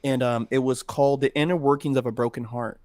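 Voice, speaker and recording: A man's voice: mid-range voice, fairly even intonation, a little fast, darkish tone, no echo, clean studio sound. A man co-hosting a podcast, telling a personal story in casual, emotional talk with plenty of swearing. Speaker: podcast co-host. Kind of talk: casual chat.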